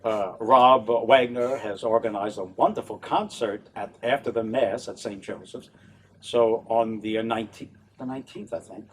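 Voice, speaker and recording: An older man from New Orleans, an opera tenor and director, chatting in an interview in an animated way and laughing often. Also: fairly low pitch, moderate pace, recorded from a distance, a little hiss or hum. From New Orleans, USA. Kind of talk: casual interview chat.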